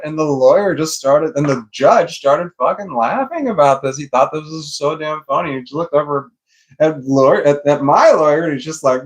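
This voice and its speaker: A man's voice: on the high side, moderate pace. A middle-aged man casually telling a long personal story, rambling, swearing freely and laughing often. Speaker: vlogger.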